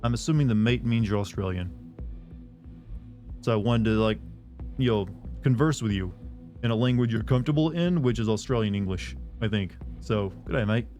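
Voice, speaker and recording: A man's voice: on the low side, a little fast, long pauses, a little mellow, soft background music. A man live streaming, chatting casually with his viewers in a sarcastic, joking, rambling way.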